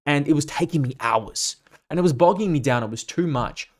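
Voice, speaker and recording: A man's voice: on the high side, fairly quick. Blunt, profane man ranting. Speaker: fitness coach and podcast host. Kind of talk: unscripted motivational rant.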